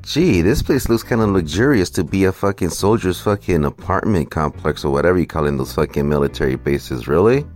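Crude ranting man, lively pitch. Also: fairly quick, few pauses, faint music behind. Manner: crude, profane, mocking. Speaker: commentary host. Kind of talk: ranting reaction commentary.

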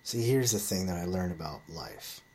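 A man's voice: sits low, lively intonation, normal speed, a little mellow, a little hiss or hum. A man giving a casual monologue about dating and gym lessons, rambling and swearing a lot as he tells stories. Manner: rambling storytelling with heavy swearing.

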